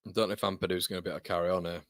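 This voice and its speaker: Exasperated, bright-voiced male football ranter. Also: deep voice, little pitch movement, no echo, studio quality. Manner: heated, exasperated ranting with swearing; rapid reactions to the action. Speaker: football fan channel host. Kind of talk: live match watchalong commentary.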